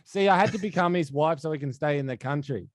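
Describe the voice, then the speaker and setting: A man hosting a podcast, upbeat and quick to laugh. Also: on the high side, dry recording, studio quality. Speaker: podcast host. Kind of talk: casual chat.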